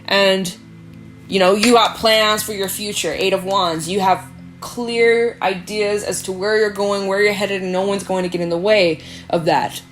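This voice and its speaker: A woman giving a casual tarot reading, chatty and animated, swearing freely and acting out quoted voices. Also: mid-range voice, unhurried. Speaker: tarot reader. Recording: faint background music.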